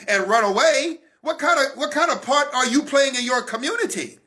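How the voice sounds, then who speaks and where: A man's voice: very high-pitched, expressive, moderate pace, pushed and bright. A man giving a Christian teaching talk, emphatic and repetitive, coaching his listeners directly. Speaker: broadcast minister.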